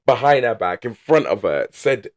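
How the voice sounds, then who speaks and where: A man co-hosting a podcast in casual chat, chatty and playful with quick reactions. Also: medium pitch, very animated. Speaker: podcast co-host.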